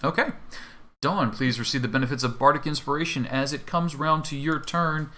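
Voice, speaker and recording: A man's voice: on the high side, fairly quick, pushed and bright. A man running a tabletop game as dungeon master, with upbeat, playful narration.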